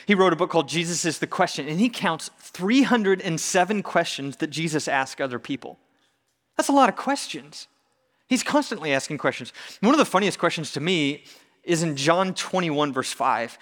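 A man preaching a sermon in a conversational, animated way with touches of humor. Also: on the high side, long reverb tail. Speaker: pastor.

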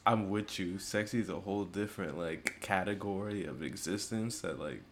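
A man's voice: sits low, moderate pace, a little hiss or hum. A man hosting a casual podcast chat, talking in a loose, rambling way and laughing often. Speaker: podcast host.

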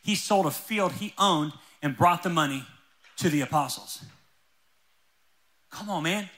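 A male pastor preaching a sermon in a church, telling stories with lively energy. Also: a little high, measured pace, poor audio. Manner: energetic, animated storytelling.

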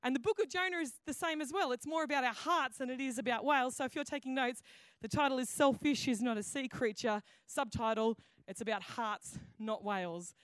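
A woman's voice: high-pitched, brisk, fairly bright tone, clean tone, dry recording. A woman pastor preaching a sermon in a chatty storytelling way, with many restarts and fillers. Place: church auditorium.

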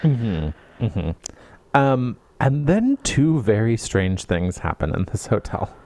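A man retelling a story in a casual chat, with a lively pitch that swings a lot as he mocks what the characters say. His tone is sarcastic. The recording is dry and close, with little room sound. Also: slow pace, dry recording. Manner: animated, sarcastic retelling with mocking quoted voices. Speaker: podcast co-host. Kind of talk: casual book-recap chat.

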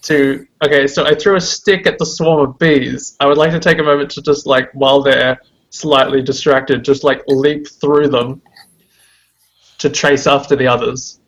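A man's voice: medium pitch, steady tone, normal speed, fairly bright tone, poor audio. A man playing a tabletop game, describing his character's actions and asking questions in casual chat. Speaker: player.

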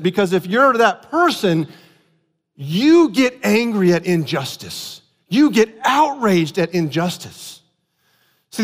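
Man preaching, sermon, high voice, animated storytelling, long echo in a large hall. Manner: animated storytelling with acted outbursts. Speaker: pastor.

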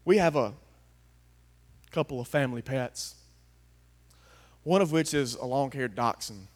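A man preaching a folksy sermon, swinging from hushed asides to loud, emphatic declarations. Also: mid-range voice, expressive, a little slow. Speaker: pastor.

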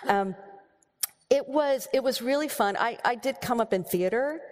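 A woman's voice: fairly high pitch, moderate pace. Chatty American woman in a reverberant hall. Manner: chatty, laughing, rambling with restarts. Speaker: novelist giving a keynote Q&A. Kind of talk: live audience Q&A. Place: large hall with audience.

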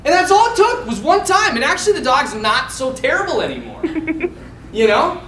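A man's voice: very high-pitched, sing-song, moderate pace, sharp tone, reverberant, slight background noise, rough recording. A man, a Catholic priest, telling casual stories with frequent laughs, jokes and side stories. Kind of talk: casual storytelling to listeners.

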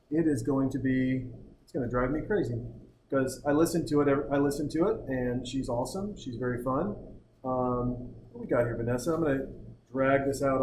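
A man's voice: mid-range voice, darkish tone, slight background noise. Rambling, jokey man in a roomy room. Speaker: podcast host. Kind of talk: casual group chat.

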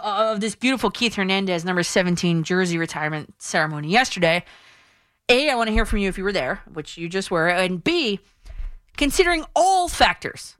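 A woman's voice: mid-range voice, fairly bright tone, dry recording. A woman hosts a sports call-in show, speaking in an opinionated, chatty way and often stumbling over restarts. Her voice is close on a studio mic in a dry, dead room. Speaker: sports radio host. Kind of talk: sports talk radio.

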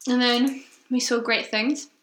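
A woman's voice: fairly high pitch, level tone, unhurried, a bit bright, a little hiss or hum. A woman co-hosting a podcast, chatting casually in a giggly, teasing manner. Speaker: podcast co-host. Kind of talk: casual chat. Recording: roomy echo.

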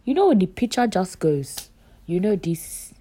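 Animated young woman telling a story. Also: medium pitch, measured pace, husky. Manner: animated, swearing, mimics people in quotes. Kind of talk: casual storytime chat.

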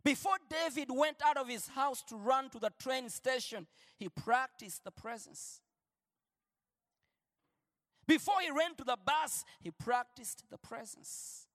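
A male preacher giving an impassioned sermon, shifting between quiet lines and shouted declarations. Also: extremely high pitch, lively intonation, unhurried, big-room sound.

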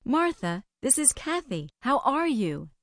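An actress playing a friendly interviewer who asks clear questions in a scripted language-lesson dialogue. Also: female voice, high voice, sing-song, measured pace, a bit bright, dry recording, clean studio sound, full character voice.

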